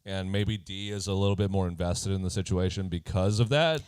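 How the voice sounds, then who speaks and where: A man's voice: low-pitched, fairly quick, smooth, no room sound, studio quality. A man co-hosting a podcast, chatting loosely about a reality show with many fillers. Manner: relaxed, loose, lots of fillers and laughs. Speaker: podcast co-host. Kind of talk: casual chat recapping a reality show.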